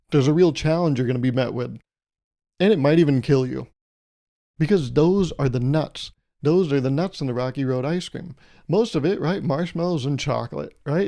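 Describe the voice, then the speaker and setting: A man hosts a solo comedic podcast, rambling through jokey analogies and laughing at his own jokes. His voice is a little high and mellow.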